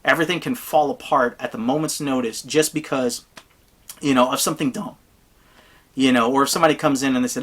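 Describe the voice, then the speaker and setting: A gamer talks through tabletop role-playing advice in an unscripted monologue. The delivery is blunt and emphatic, and it wanders from point to point. The voice sits at an ordinary middle pitch. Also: steady tone, a little fast, fairly bright tone, breathy edge.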